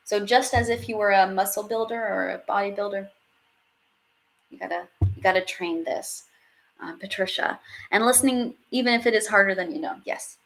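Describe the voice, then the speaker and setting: A young woman leads a live online language lesson in a chatty, friendly way, laughing easily and slipping French phrases into her English. Her voice sits at an ordinary middle pitch and carries the loose rhythm of live teaching. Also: normal speed, vocal fry, fairly bright tone. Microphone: webcam or headset on video stream.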